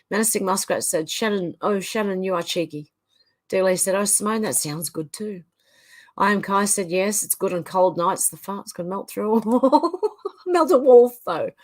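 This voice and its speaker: A middle-aged woman hosting a live stream, reading viewer comments aloud with frequent laughter. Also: fairly low pitch. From Australia. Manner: reads comments aloud, often laughs and chuckles. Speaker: livestream host reading chat. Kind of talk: casual chat reading out comments.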